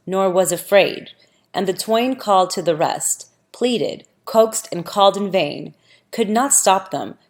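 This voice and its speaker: A woman narrating a scripture audiobook in a deliberate, measured reading. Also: lowish voice. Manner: slow, deliberate, archaic phrasing.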